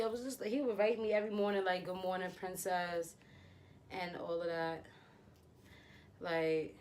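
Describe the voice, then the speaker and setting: Young female vlogger, casual animated storyteller; light background noise. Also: lowish voice. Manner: chatty, animated retelling with acted-out quotes. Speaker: beauty vlogger. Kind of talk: storytime vlog.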